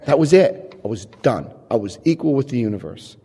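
A middle-aged man tells a personal story at a recovery meeting, acting out the other people's lines and laughing at himself. His voice sits at an ordinary pitch and rings with a long hall reverb. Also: a little fast, vocal fry, breathy edge. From New Jersey. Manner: animated storyteller, acts out quotes, laughs at himself.

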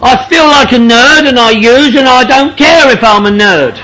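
A middle-aged man with a strikingly high voice tells his story to a meeting room crowd. He is blunt and joking, swears freely and laughs through his lines. His tone is bright and sharp. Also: moderate pace, poor audio. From London, England. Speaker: speaker sharing at a recovery meeting. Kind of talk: comic storytelling to a group.

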